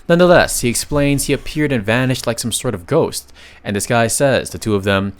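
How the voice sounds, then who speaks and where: A man's voice: medium pitch, fairly quick. Chatty man narrating a comic recap. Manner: chatty, with sudden loud excited bursts and slang asides.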